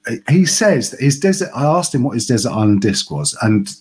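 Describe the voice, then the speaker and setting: A man's voice: medium pitch, very animated, brisk, darkish tone. A man hosting a music podcast, chatting casually and joking with a bit of swearing. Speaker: podcast host.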